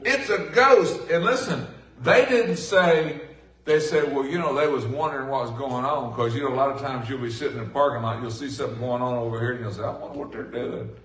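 Folksy preacher, echoey and distant. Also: male voice, mid-range voice, fast talker. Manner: folksy, animated preaching with swings from loud to hushed. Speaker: pastor. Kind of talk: sermon. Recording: echoey room from a distant mic.

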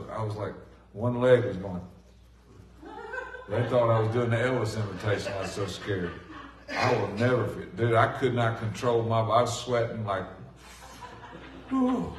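A middle-aged man preaching a sermon in a folksy, animated way, swinging from loud bursts to hushed asides. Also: on the low side. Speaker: pastor. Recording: echoey room from a distant mic.

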